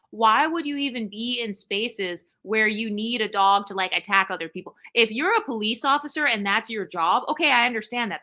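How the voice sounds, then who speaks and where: A woman's voice: fairly high pitch, sharp tone. A woman hosting her channel, delivering a sarcastic, ranting opinion monologue straight to her viewers. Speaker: channel host.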